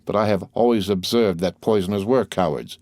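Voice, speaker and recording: A man voicing a stern male magistrate who calmly and contemptuously accuses his wife in an audiobook. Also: fairly low pitch, a little fast, no room sound, studio quality, close to an everyday voice. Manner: calm, contemptuous interrogation. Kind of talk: audiobook character voice.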